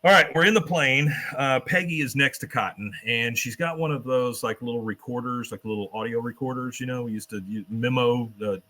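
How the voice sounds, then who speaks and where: A man's voice: medium pitch, brisk, few pauses. A man hosting a podcast, casually retelling a cartoon episode, laughing and swearing as he goes. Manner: animated retelling, quotes characters in put-on voices, swears, laughs. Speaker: podcast host recapping an episode. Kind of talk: casual chat.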